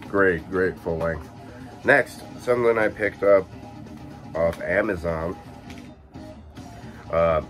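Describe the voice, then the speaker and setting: A young man from Illinois with a very low voice casually talks through his collection, sounding relaxed since he's only just woken up. His speech is full of fillers and quick self-corrections, with faint music in the background.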